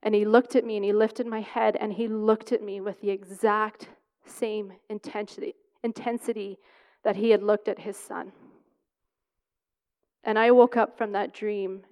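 A woman's voice: a little high, fairly even intonation, normal speed, smooth. A woman preaching a sermon, reading scripture and telling a personal story, stressing words by repeating them. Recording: long hall reverb.

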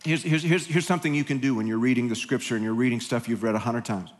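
Male pastor, relaxed conversational sermon, joking asides, quick bursts, restarts, long hall reverb. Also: medium pitch.

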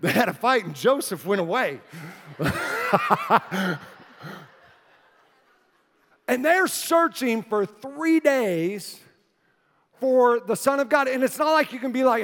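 A man's voice: very high voice, expressive, takes it slowly, pauses often, fairly bright tone, long reverb tail. A male pastor preaching a sermon in a conversational, joking and earnest manner. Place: church sanctuary.

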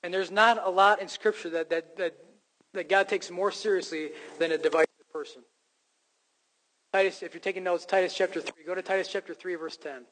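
High-voiced man preaching in a reverberant church. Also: steady tone, a little fast, a bit bright. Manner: emphatic preaching with self-deprecating jokes. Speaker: pastor. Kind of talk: sermon. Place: church sanctuary. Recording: long hall reverb from a church sanctuary.

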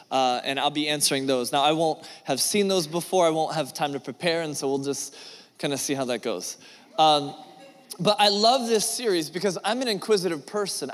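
A man preaching a sermon as pastor, animated and conversational. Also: a little high, long reverb tail. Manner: animated, conversational, acts out whispered asides.

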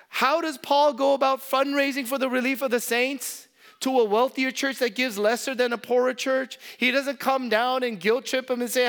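Male pastor, high voice, preaching sermon, impassioned, soft asides between loud emphasis. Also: steady tone, a little slow, clean tone. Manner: repeats key phrases for emphasis.

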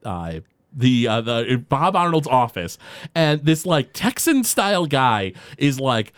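A man's voice: medium pitch, very animated, slow pace, dry recording, studio quality. A man co-hosting a podcast, rambling through an episode recap with lots of filler words. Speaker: podcast co-host. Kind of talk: casual recap chat.

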